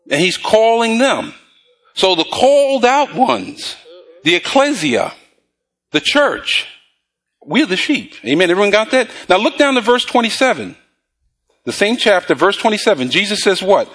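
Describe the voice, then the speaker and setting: A male preacher delivering a morning sermon, his voice pitched high and swinging widely as he talks. He keeps throwing questions back to the congregation for them to answer. He stretches out the scripture he reads aloud. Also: big pitch swings, a bit bright. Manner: call-and-response questions to the congregation; drawn-out scripture reading.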